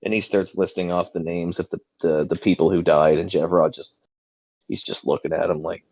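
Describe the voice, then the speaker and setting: A man's voice: low-pitched, flat delivery, normal speed, darkish tone, husky, no echo, lo-fi sound. A man narrating as game master of a tabletop game, casual and loose, full of fillers.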